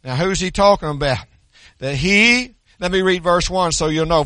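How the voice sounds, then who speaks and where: Older preacher, high bright voice. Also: male voice, moderate pace, dry recording. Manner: folksy storytelling preacher, rising to emphatic preaching. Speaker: pastor. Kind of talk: sermon.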